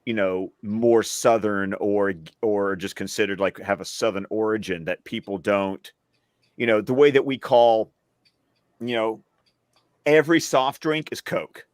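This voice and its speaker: A man's voice: lowish voice, fairly even intonation, measured pace, no room sound, clean studio sound. A man from the US South chatting casually on a panel, rambling through stories in a trained, neutral stage voice. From Alabama, US South. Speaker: film podcast panelist.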